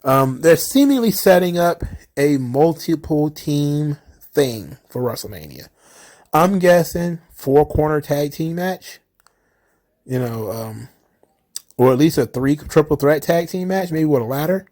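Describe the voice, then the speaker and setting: With a slightly high voice, this solo host gives laid-back wrestling commentary in an animated style, mocking the wrestlers through rapid impressions.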